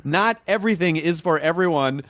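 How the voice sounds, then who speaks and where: A man's voice: a little high, a little fast, a bit bright, no room sound. Wordy, reflective male podcast host. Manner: thoughtful, wordy riffing with restarts. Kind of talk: casual podcast chat.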